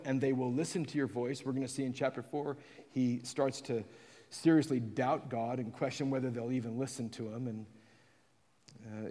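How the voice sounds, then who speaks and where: A man preaches in an emphatic, rising-and-falling cadence, often dropping to near quiet at the end of a phrase. His voice sits at an ordinary pitch and carries a long reverb from a large church hall. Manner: emphatic preaching, quoting scripture, trailing off softly at phrase ends. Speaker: pastor. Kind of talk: sermon.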